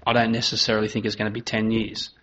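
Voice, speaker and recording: A man's voice: on the low side, monotone, fast, a bit bright. A man preaching a sermon in an earnest manner, voice rising dramatically when he acts out quoted lines. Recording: slightly dull, lo-fi sound.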